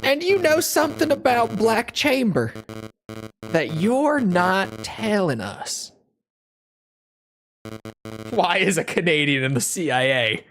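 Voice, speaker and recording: A woman's voice: mid-range voice, big pitch swings, slow pace, long pauses, a bit bright, soft background music. A woman voicing a mocking male soldier in a put-on American Southern accent while reading game dialogue aloud. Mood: taunting.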